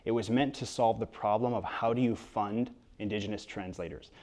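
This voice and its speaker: A man being interviewed about his book in front of an audience, telling stories in a lively way with quick asides and frequent restarts. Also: lowish voice. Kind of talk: storytelling interview talk before an audience. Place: event hall with an audience.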